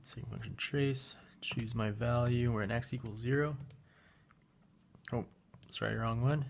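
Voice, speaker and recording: A man's voice: medium pitch, unhurried, vocal fry, slight background noise. A man teaching a recorded math lesson, talking while he works a graphing calculator and correcting himself as he goes. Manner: relaxed, talks while working a graphing calculator, with fillers and self-corrections.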